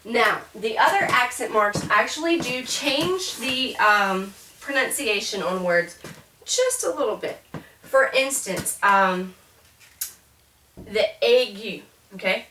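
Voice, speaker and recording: A woman teaching a French lesson in a classroom, chatty and loose, repeating words slowly to model pronunciation. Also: on the high side, animated, pushed and bright, a little hiss or hum. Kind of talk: classroom lecture. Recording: echoey room from a distance.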